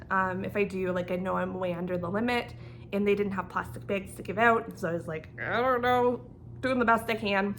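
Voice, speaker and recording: A young woman from Canada telling an animated storytime as a knitting vlogger, laughing as she goes and acting out the dialogue. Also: a little high, a little hiss or hum. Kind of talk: casual storytime.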